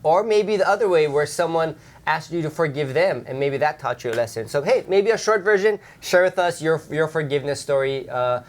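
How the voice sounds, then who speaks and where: A man's voice: a little high, lively intonation, brisk. A man co-hosting a church livestream, chatting casually, joking and reading out viewers' messages. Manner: friendly and joking, reads out viewers' chat messages. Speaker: co-host of a church pre-service livestream. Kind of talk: casual chat.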